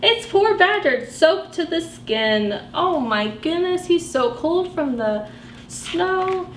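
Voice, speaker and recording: A woman librarian reading picture books aloud to young children, animated and sing-song, asking them questions as she goes. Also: extremely high pitch, slow pace. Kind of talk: storytime read-aloud for children. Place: library room. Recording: echoey room with faint background noise.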